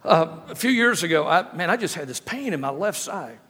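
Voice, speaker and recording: High-voiced preacher in a reverberant church. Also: male voice, expressive, a little fast, bright, forceful tone, breathy edge. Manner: humorous storytelling, repeats phrases, rhetorical questions. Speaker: guest preacher. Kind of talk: sermon. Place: church sanctuary. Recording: echoey church hall with long reverb.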